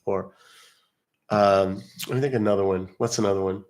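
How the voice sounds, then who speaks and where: A man with a slightly low voice chats his way through a live stream, loose and unscripted. He talks in a folksy, rambling manner, dropping in "uh"s and mild old-fashioned exclamations as he goes. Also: fairly even intonation, normal speed, a little mellow. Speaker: live-stream host baiting scam callers. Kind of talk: casual live-stream chat.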